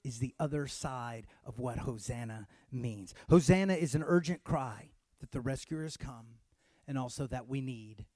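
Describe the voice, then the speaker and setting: A man from Texas preaching a sermon, dropping to near-hushed tones and then building to loud, urgent cries. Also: mid-range voice, moderate pace, no room sound, studio quality. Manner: dramatic, swings from hushed to shouting. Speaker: pastor.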